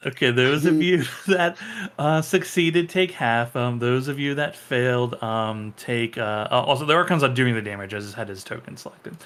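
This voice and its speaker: A man running a tabletop game as game master, talking haltingly with many fillers. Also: mid-range voice, a bit bright. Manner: halting, many ums and uhs.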